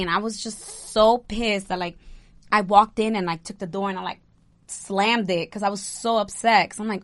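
A woman's voice: mid-range voice, moderate pace, no echo. Chatty young woman telling a story. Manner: chatty, animated storytelling, lots of "like". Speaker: bride recounting her wedding. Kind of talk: casual chat.

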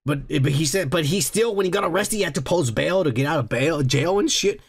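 Gravelly high-voiced man, crude rambling. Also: a little fast. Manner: crude, rambling, keeps saying "yeah, yeah, yeah". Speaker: podcast co-host. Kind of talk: casual chat.

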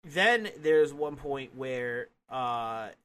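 A man hosting a podcast, recapping a wrestling match in a relaxed, casual way with lots of fillers. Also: mid-range voice, drawn-out words, smooth. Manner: relaxed, filler-heavy play-by-play. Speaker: podcast host. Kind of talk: casual wrestling review chat.

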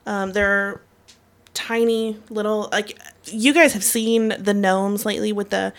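A woman's voice: mid-range voice, steady tone, measured pace. A woman co-hosting a casual podcast, explaining folklore with frequent ums and likes. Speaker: podcast co-host. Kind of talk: casual chat.

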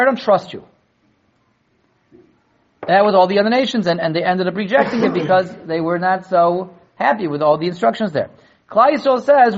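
Talmud class teacher, man, lively and a bit high, stumbles into quick restarts, muffled lo-fi sound. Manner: animated, acts out quoted dialogue; repeats words in quick restarts. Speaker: Torah teacher.

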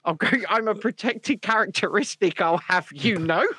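A man's voice: high voice, moderate pace, bright, forceful tone, slightly rough, no echo. A man hosting a livestream chat, rowdy, sweary and teasing. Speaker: livestream host. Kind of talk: casual banter.

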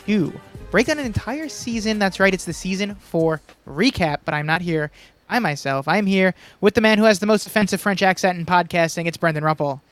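A man's voice: high-pitched, brisk, a bit bright, faint music behind. A man in his twenties co-hosting a podcast, talking casually in a jokey, chatty way. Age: 20s. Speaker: podcast co-host.

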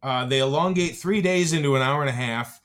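A man's voice: mid-range voice, a little fast, a bit bright. A man joking sarcastically about a movie in casual podcast chat, swearing freely. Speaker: podcast guest. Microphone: sharing one mic in a kitchen.

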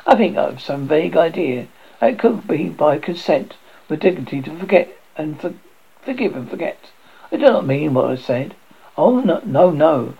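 Over narrow, tinny audio, a man gives an animated, theatrical reading of a classic horror tale at a moderate pace. His husky, gravelly voice sits fairly high, and he occasionally stumbles and starts over.

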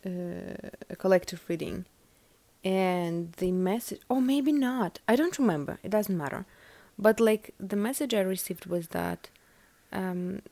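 A woman's voice: medium pitch, a little slow, vocal fry, warm tone, dry recording. A young woman hosting a podcast, chatting casually and giving a collective tarot reading, meandering with many fillers. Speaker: podcast host.

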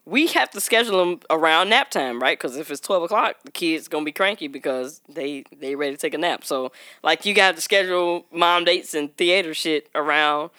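A woman co-hosting a podcast, talking in with a bright, forward tone. She tells stories in a lively way and laughs often. The sound is close and dry. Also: fairly quick, dry recording. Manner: animated storyteller, acts out quotes in a high voice, laughs often. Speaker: podcast co-host. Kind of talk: casual chat.

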